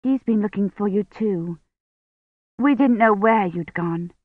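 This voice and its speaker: A caring young woman voiced by the reader who talks gently and soothingly. She speaks slowly. The sound is dry and phone-like. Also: medium pitch, no echo, lightly acted. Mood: anxious.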